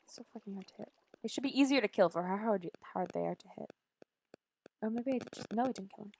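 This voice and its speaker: A woman's voice: mid-range voice, fast, darkish tone, a little hiss or hum. A woman streaming a game, chatting casually with playful sarcasm and silly beep-boop noises.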